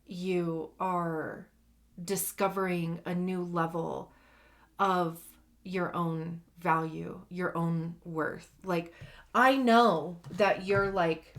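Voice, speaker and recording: A woman's voice: lowish voice, steady tone, extremely slow. A woman giving a casual, slangy tarot reading, chatty and laughing often. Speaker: tarot reader.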